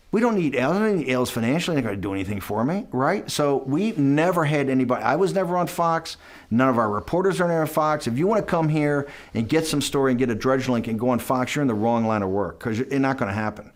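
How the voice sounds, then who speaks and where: A man being interviewed who tells stories emphatically and rambles through them, often tagging his points with "right?" and "okay?". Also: mid-range voice. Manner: animated, mimics others in quoted asides. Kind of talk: conversational interview storytelling.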